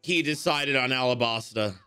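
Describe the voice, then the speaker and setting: A man reacting to an anime episode in casual commentary, excitable and swearing, exclaiming at the screen. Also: medium pitch, normal speed, smooth, faint music behind.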